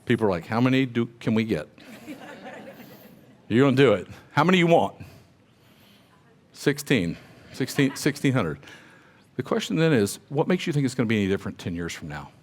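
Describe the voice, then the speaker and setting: A man's voice: mid-range voice, very animated, a little fast, long pauses, a little mellow. Middle-aged guy giving a pep talk to agents, mid-range voice, chatty storytelling, asks the crowd stuff. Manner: conversational, anecdotal, asks the audience questions. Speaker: speaker at a real estate agents' event. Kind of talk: motivational talk with personal stories.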